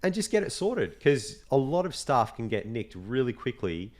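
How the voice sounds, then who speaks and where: A young man co-hosting a podcast, telling stories in a casual, animated way, swearing now and then and acting out the people he quotes. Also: mid-range voice, normal speed. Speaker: podcast co-host. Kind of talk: casual chat.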